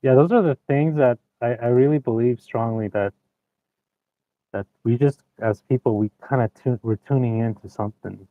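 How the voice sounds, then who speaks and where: A man, a podcast guest, chatting in a relaxed, agreeable way over a remote call. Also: mid-range voice, normal speed, dry recording. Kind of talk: casual chat. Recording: dry tinny phone-like call line.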